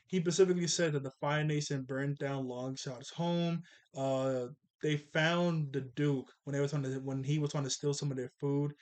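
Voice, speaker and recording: A man casually recapping a cartoon episode, animated and chatty, acting out the characters' lines in jokey voices. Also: fairly high pitch. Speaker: cartoon reviewer.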